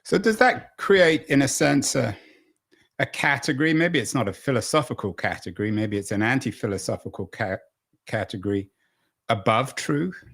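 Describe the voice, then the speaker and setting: A man hosting an interview, asking probing questions and thinking out loud as he asks them. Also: mid-range voice, moderate pace, creaky, slightly rough. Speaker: podcast host.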